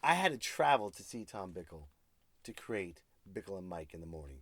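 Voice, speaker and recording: A man hosting his own podcast, rambling through a jokey monologue that swings between loud outbursts and muttered asides. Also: low-pitched, very animated, fairly quick, dry recording. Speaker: podcast host. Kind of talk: comedic solo podcast monologue.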